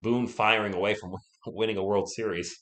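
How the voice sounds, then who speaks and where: A young man with a fairly low, steady voice calls a live stream's play-by-play at a moderate pace in an echoey room. He has a sore throat and sounds sick, so he keeps his voice down and won't yell. He stays chatty and answers his viewers.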